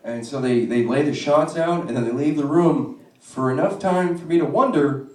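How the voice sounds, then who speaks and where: A man in his twenties doing a stand-up comedy set in a club, telling profane, animated stories with quick asides. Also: fairly high pitch, reverberant, recorded from a distance.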